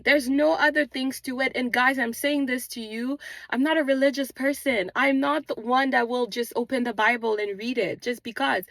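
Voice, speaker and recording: A manifestation channel host with a high-pitched voice, vocal fry, and a fairly bright tone gives a sincere spiritual motivational talk on an outdoor walk. Her style is repetitive and preacher-like, and she brings up her own non-native English accent, its origin unstated. The audio has no echo.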